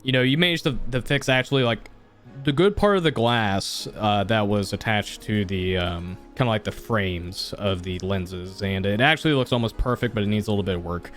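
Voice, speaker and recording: A man's voice: lowish voice, moderate pace, fairly bright tone. Young man, game master, casual, fillers, faint music. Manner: casual, filler-heavy, restarts often. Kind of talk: narrating a tabletop game.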